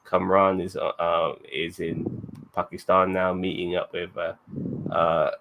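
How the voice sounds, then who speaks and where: A man's voice: low voice, level tone, measured pace, vocal fry, noisy background. A man co-hosting a podcast, casually recapping an episode in a rambling way with many fillers and restarts. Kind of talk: casual chat.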